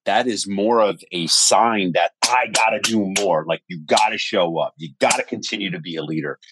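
A man's voice: low-pitched, moderate pace, background noise. A man telling stories animatedly in a casual podcast conversation, cursing freely. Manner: animated storyteller, swears casually. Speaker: podcast guest.

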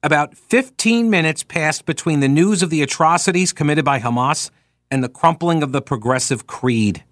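A man's voice: fairly high pitch, normal speed, fairly bright tone, dry recording. A man hosting talk radio, talking casually and reading quoted passages with sarcastic asides.

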